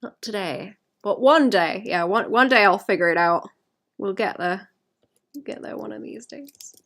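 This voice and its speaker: A woman's voice: medium pitch, normal speed, fairly bright tone. A woman artist talking to her stream chat while painting, sweary and self-mocking, often muttering and whispering to herself. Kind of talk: live-stream chat with viewers.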